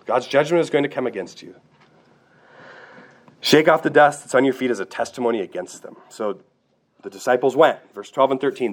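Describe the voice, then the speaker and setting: A man preaching a sermon, earnest and direct, asking his listeners rhetorical questions. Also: mid-range voice. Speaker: pastor.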